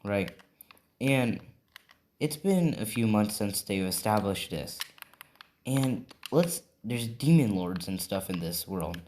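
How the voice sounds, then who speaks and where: A man's voice: lowish voice, animated, slow, darkish tone, slight background noise. A man improvising a fan story aloud, rambling and adding "right?" after many lines. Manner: rambling, full of fillers and "right?".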